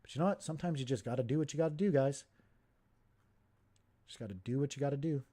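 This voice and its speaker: A man's voice: mid-range voice, fast talker, dark tone. A man hosting a crypto livestream, talking in a heated, emphatic way and repeating himself as he gets worked up.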